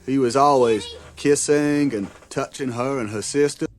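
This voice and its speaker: Guy acting a sweet simple-hearted man telling his story slow and earnest, music playing under it. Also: medium pitch, lightly acted. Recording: film soundtrack with music behind.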